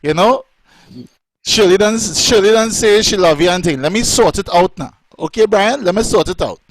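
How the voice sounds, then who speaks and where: A man hosting a live show, chatty, effusive and quick to laugh. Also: sits high, expressive. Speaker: host.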